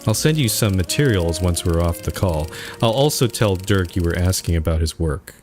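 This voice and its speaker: A courteous, slightly evasive office administrator woman, read aloud by a man. The voice sits low and is delivered in game dialogue, brisk and formal. Faint music plays behind. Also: lively intonation, darkish tone. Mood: polite. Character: woman, senior dental office administrator, polite.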